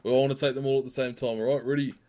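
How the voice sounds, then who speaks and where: A man's voice: mid-range voice, level tone, rapid-fire, darkish tone. A man joining a friend's gameplay session, clowning around with jokey role-play. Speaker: friend playing along. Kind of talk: playful in-game banter.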